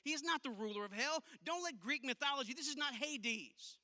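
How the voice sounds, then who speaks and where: High-voiced man preaching in a hall. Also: fairly quick, sharp tone. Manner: emphatic and conversational, punchy asides. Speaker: youth pastor. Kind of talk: youth sermon. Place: church auditorium. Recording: long reverb of a large hall.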